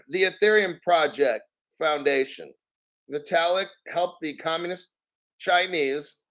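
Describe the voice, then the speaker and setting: A man hosting a casual livestream, reading out donations and ranting bluntly with lots of swearing and frequent throat clearing. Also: on the high side, slow, fairly bright tone. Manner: blunt, profane, combative. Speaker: crypto livestream host.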